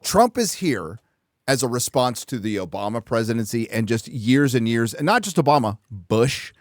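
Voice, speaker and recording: A man's voice: mid-range voice, very animated, moderate pace, no room sound, studio quality. Blunt, profane man hosting a show. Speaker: host. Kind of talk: casual political talk on a live show.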